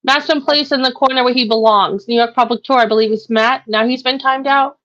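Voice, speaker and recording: A woman's voice: high voice, steady tone, fairly quick, fairly bright tone. A woman co-hosting a live stream in casual chat, laughing often and speaking bluntly. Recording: dull lo-fi audio.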